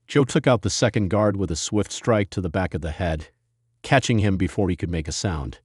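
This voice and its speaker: A man narrating a scripted drama story in an even, measured way. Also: sits low, breathy edge, no room sound, clean studio sound.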